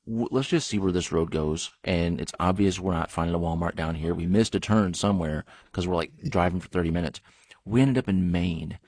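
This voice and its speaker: A man in his thirties with a low, deep voice hosts a relaxed podcast conversation. He tells stories with lots of energy, laughs easily and acts out the characters. The sound is dry and close, with no room around it. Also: fairly quick, no room sound. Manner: animated storyteller, laughs often and acts out voices. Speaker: podcast host. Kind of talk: casual conversation.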